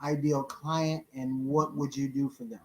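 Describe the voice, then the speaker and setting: A woman's voice: rumbling low, little pitch movement, measured pace. A woman co-hosting a podcast, joking playfully and acting mock-emotional. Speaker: podcast co-host. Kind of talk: casual podcast chat. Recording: loud background noise.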